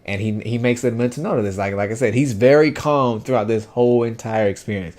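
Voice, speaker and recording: This anime first-impressions review comes from a man with a mid-range voice and a brisk pace. It's loose and rambling, full of fillers and restarts, delivered in a chatty, animated way.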